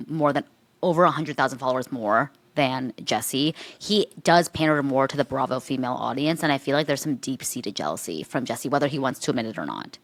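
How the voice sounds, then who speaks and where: A woman's voice: extremely low pitch, brisk. A young woman co-hosting a gossip podcast, chatting casually and playfully, often slipping into impressions. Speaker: podcast co-host. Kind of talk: casual chat.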